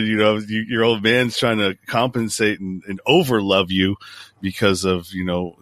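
A man hosting a podcast, speaking in a halting, emotional way with many restarts. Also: lowish voice, steady tone, fairly bright tone. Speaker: podcast host. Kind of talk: conversational podcast chat.

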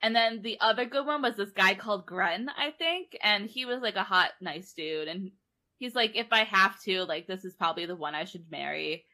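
Young woman rambling through a book recap, bright tone, laughs a lot. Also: medium pitch, animated, moderate pace. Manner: rambling, laughing, acting out characters. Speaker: podcast co-host. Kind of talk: casual book chat. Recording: online call recording.

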